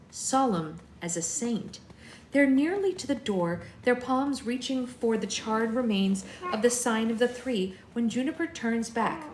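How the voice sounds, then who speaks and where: A woman's voice: fairly high pitch, a little mellow, a little hiss or hum. A woman hosting a book club, reading a novel aloud steadily with chatty asides. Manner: reads steadily, voicing characters, chatty asides. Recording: roomy room echo.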